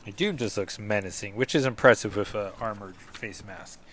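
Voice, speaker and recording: A man's voice: fairly low pitch, moderate pace, fairly bright tone, a little hiss or hum. Rambling, chatty man reviewing comics. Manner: rambling, self-deprecating, full of fillers and asides. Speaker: podcast host reviewing comics. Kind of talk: casual comic book review talk.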